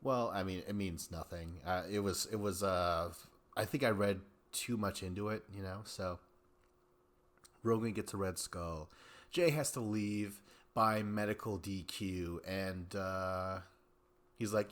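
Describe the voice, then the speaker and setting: A man's voice: low-pitched, a little slow. A man hosting a podcast, giving a rambling, profane recap of a reality show and acting out people's lines in mocking voices. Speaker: podcast host. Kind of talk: casual recap commentary.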